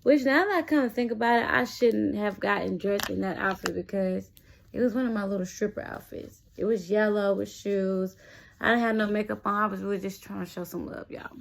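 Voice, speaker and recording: In a chatty vlog, a young adult woman shares a personal story, her mid-range voice a little fast and creaky. Animated throughout, she keeps addressing her viewers directly as "y'all".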